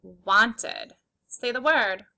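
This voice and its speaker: Her pitch is fairly high, her intonation lively and her tone sharp as she leads a phonics lesson for small children. Slow, clear and encouraging, she sounds out each letter individually and offers them praise.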